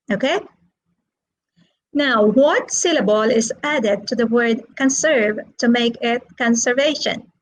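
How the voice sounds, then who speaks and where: A woman teaching an online English lesson, asking the class questions in a slow, drawn-out teaching manner. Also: on the high side, poor audio.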